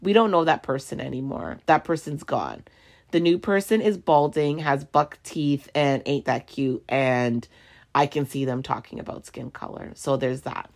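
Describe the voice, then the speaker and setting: Woman podcast host with a low voice and a heated, profane ranting manner. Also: normal speed, a little mellow. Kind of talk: solo podcast rant.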